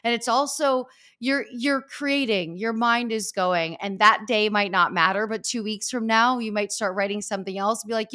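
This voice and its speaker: A middle-aged woman hosting a podcast in casual chat, animated and acting out what people say. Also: fairly high pitch, moderate pace. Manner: animated, acts out quoted people. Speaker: podcast host.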